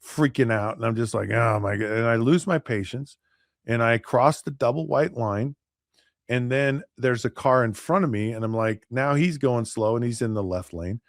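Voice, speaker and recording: A man hosting a podcast, telling a story in a casual, animated way, often repeating and restarting words and acting out both sides of a conversation. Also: mid-range voice, moderate pace, no echo, clean studio sound. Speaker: podcast host.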